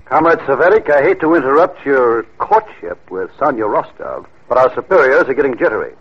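An actor playing a cold, threatening communist cell leader in a 1950s radio drama, clipped and smooth. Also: male voice, medium pitch, expressive, brisk. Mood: menacing. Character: cold menacing male communist boss. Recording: dull lo-fi old radio recording.

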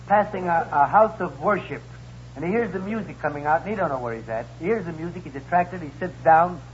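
A man on a radio comedy panel telling a joke in a folksy, unhurried way. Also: high-pitched, fairly bright tone, slight background noise. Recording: dull old radio recording.

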